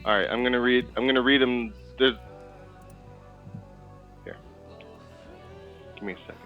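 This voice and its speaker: A man's voice: medium pitch, moderate pace, muffled recording, over music. A man playing in a tabletop game, speaking hesitantly with restarts and chuckles. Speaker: player.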